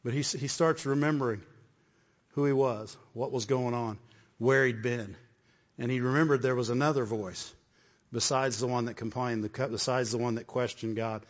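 A man's voice: medium pitch, fairly even intonation, normal speed. A man preaching a sermon with repeated phrases, often asking "Amen?". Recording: dull, echoey hall.

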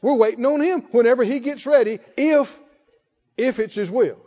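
High-voiced preacher in a reverberant hall. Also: male voice, moderate pace, mellow, highs cut off. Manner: folksy, calls out to the congregation. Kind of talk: sermon. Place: church hall.

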